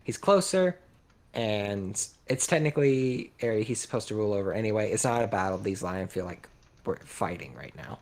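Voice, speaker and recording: Relaxed hesitant game master man. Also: fairly low pitch, normal speed. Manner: relaxed, hesitant with many ums. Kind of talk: running a tabletop game over voice chat.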